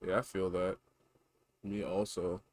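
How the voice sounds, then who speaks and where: A tired man streaming a video game, talking in low, mumbling, self-mocking asides. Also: little pitch movement, measured pace, darkish tone, slight background noise. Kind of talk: casual game-stream commentary.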